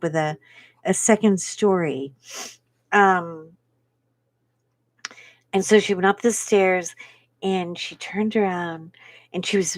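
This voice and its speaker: A woman hosting a relaxed live stream, spinning a childhood yarn with lively turns and little voices for the people she quotes. Her voice sits at an ordinary middle pitch. The sound is close and dry, with no room around it. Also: dry recording. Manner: lively anecdote-telling, acting out quoted people. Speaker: livestream host. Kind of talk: casual storytelling chat.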